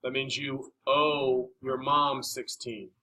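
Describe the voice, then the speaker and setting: A man's voice: mid-range voice, little pitch movement, slow pace, bright, forceful tone, poor audio. A man teaching a math class, speaking in a classroom, coaxing students with questions and encouragement. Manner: encouraging, coaxing questions, many "all right"s.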